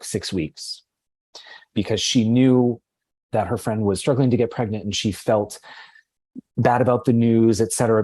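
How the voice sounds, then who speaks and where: A man who works as a teacher, telling a heartfelt story in a casual podcast talk, halting often and restarting his sentences. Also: lowish voice, mellow, breathy edge, no echo.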